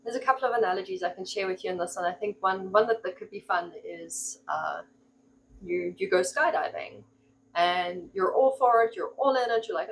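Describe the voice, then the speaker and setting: A woman's voice: medium pitch, brisk, slight background noise, rough recording. A woman talking casually on her own channel as a spiritual practitioner, rambling with fillers and laughing as she acts out little exclamations. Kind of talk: casual solo monologue.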